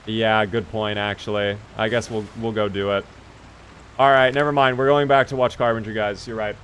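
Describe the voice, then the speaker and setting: A man's voice: lowish voice, level tone, moderate pace, fairly bright tone, a little hiss or hum. A man chatting casually with his live-stream chat while playing a video game, reading out and answering viewers and swearing now and then.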